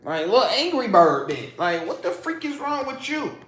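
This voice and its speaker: A man's voice: sits high, sing-song, normal speed, fairly bright tone. A man ranting casually to his livestream chat in a rambling, profane, preachy way. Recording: roomy echo.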